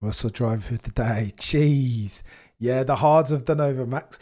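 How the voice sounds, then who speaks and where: Excitable man reacting live. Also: medium pitch, measured pace. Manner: excitable, exclaims and gasps at on-track action. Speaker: streamer hosting a race watchalong.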